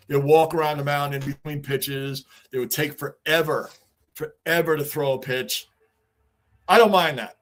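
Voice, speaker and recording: A middle-aged man talks casually on a livestream, reading chat messages and answering them. His voice sits a little high for a man. He rambles and circles back, repeating his points. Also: fairly bright tone. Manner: talkative, reads and answers chat, repeats himself. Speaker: livestream host.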